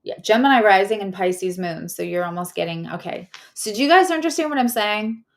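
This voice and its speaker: A woman's voice: mid-range voice, animated, brisk. A woman giving a casual astrology and tarot reading, chatty and rambling, often correcting herself mid-sentence.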